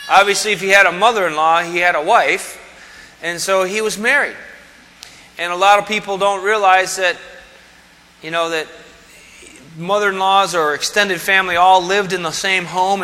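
A man's voice: sits high, pushed and bright, big-room sound. A man preaching a sermon as pastor, conversational and full of rhetorical questions.

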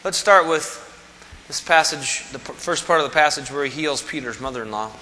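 A man's voice: a little high, brisk, pushed and bright, in a large hall, a little hiss or hum. A man preaching a sermon as pastor, conversational and full of rhetorical questions.

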